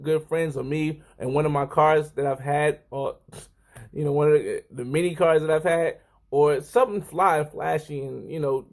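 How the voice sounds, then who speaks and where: A man's voice: fairly high pitch, a little mellow. Rambling, self-correcting man vlogger. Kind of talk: casual talk to camera.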